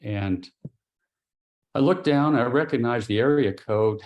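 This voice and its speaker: A middle-aged man, an interview guest, giving a grave personal account in a halting way, with pauses and restarts. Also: mid-range voice, highs cut off. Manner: quiet and grave. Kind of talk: personal testimony.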